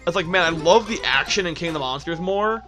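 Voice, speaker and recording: A man co-hosting a gaming video, chatting casually and joking in loud excited bursts. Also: on the high side, fast, soft background music. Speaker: co-host of a gaming channel. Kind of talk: casual chat over gameplay.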